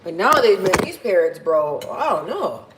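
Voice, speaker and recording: A woman chatting casually with viewers, telling stories in a slangy, animated way. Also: fairly low pitch, normal speed. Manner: animated, slangy storytelling with acted-out quotes. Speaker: streamer answering viewer questions. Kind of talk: casual chat. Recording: roomy echo, faint background hum.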